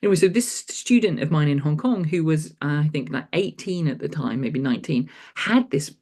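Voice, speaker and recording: A woman's voice: low-pitched, lively intonation, a little fast, darkish tone. A middle-aged woman from England, talking as an invited lecturer in a conversational interview, rambling with restarts and fillers. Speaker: guest lecturer.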